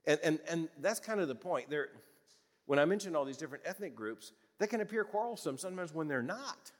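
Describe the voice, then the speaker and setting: A man's voice: a little high, lively intonation, a little fast, in a large hall. A man in his sixties from the American South, preaching a sermon in a conversational, folksy way with chuckles and restarts. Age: 60s. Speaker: pastor.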